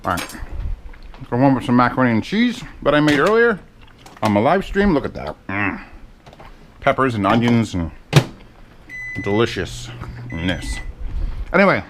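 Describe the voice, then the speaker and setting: Man, mid-pitched voice, cooking vlog chat, rambling, swearing, home kitchen, faint hiss. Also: very animated, unhurried, pauses often. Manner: rambling, profane, self-mocking asides. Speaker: cooking vlogger.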